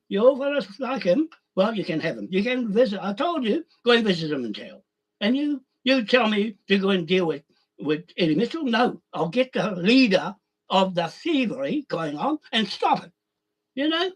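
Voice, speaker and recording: A man's voice: high voice, husky. A man in a rambling, angry monologue, swearing and calling out listeners directly. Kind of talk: ranting monologue.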